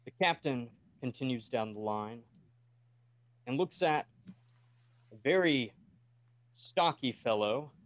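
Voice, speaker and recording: A man narrating as game master of a tabletop game, in a relaxed, conversational way. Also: medium pitch, slow pace, long pauses, no room sound.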